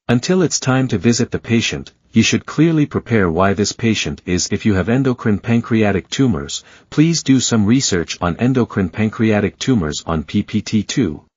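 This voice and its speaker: A man's voice: on the low side, lively intonation, normal speed, darkish tone, breathy edge, no room sound, dull audio. A man voicing an arrogant male third-year resident doctor who scolds and sneers at a junior. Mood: scolding. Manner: scolding, sarcastic.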